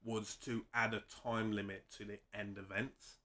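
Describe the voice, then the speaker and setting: Bright-voiced enthusiastic man. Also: lowish voice, level tone, moderate pace. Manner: enthusiastic, gushing, laughs while talking. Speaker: film review co-host. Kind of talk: casual film review chat.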